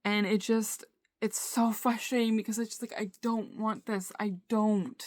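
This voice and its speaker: A young woman recording a candid personal video diary on her phone, talking haltingly with many fillers and restarts. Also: mid-range voice, little pitch movement, dry recording. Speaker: vlogger. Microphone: phone camera.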